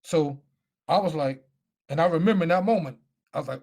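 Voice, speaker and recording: A man's voice: a little high, quick pace, a little mellow. A middle-aged man, a former football player, telling his life story as a guest speaker, emphatic and repeating himself. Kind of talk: personal storytelling.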